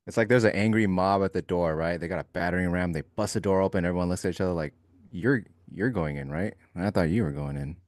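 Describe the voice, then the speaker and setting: A man's voice: low-pitched, normal speed, pauses often, no room sound, studio quality. A man co-hosting a live futures trading stream, bantering casually and acting out little scenes with put-on quotes. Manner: joking, animated storytelling with put-on quotes.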